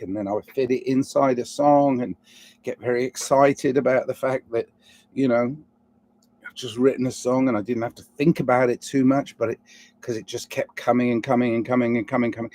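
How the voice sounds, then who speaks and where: A man's voice: medium pitch, darkish tone. A man talking alone in a rambling, reflective monologue, asking himself question after question, with a noticeable accent. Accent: non-standard English accent. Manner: rambling, musing, asks himself many questions. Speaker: vlogger.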